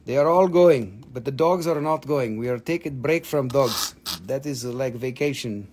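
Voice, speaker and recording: Man, live mineral sales stream, casual, jokey, curses a lot, average pitch. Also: moderate pace, a little mellow, a little hiss or hum. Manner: joking, blunt, swears freely, non-native phrasing.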